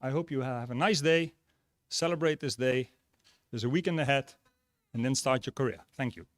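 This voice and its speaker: A man's voice: medium pitch, moderate pace, no echo. Man giving a graduation speech. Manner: relaxed, tells jokes and stories. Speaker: graduation speaker. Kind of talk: ceremonial speech.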